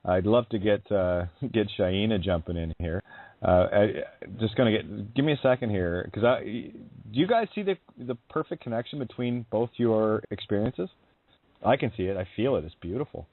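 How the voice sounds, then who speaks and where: A man's voice: lowish voice, lively intonation, normal speed, dry recording. A man hosting a radio talk show, chatting earnestly and effusively about spiritual ideas. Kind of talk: casual radio chat. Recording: dry tinny phone-like line.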